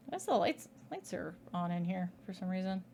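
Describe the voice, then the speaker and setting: A woman's voice: fairly low pitch, big pitch swings, moderate pace, dark tone, a little hiss or hum. Woman, let's play commentary, sarcastic, thinks aloud, swears casually. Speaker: streamer.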